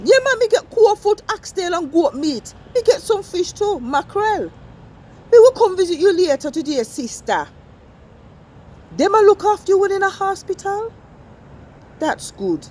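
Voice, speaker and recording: Chatty older Jamaican woman, patois accent, put on by a woman, high voice, animated. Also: moderate pace. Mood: lively gossip.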